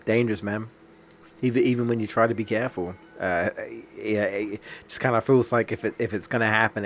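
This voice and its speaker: A young man talking loosely over a game stream, his voice sitting on the lower side. He drifts into a long anecdote, circling back with fillers and restarts. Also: a bit bright, a little hiss or hum. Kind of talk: casual gameplay commentary.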